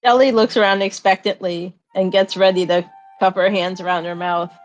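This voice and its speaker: A woman's voice: mid-range voice, fairly even intonation, moderate pace, lo-fi sound, faint music behind. A woman playing a tabletop game, talking in a casual, joking way. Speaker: player.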